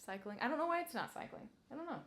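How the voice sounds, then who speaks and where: A woman's voice: high voice, animated, rapid-fire, fairly bright tone, slight background noise. A young woman hosting a casual chat, hesitant and full of fillers, often laughing. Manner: giggly, hesitant, lots of fillers. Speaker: channel host.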